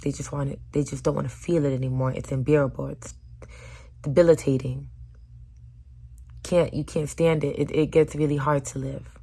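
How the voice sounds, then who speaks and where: A young woman talking earnestly to her viewers in a personal vlog, her voice hoarse from screaming, moving between loud urging and soft near-whispers. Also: low voice, fairly even intonation, moderate pace, pauses often. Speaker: vlogger.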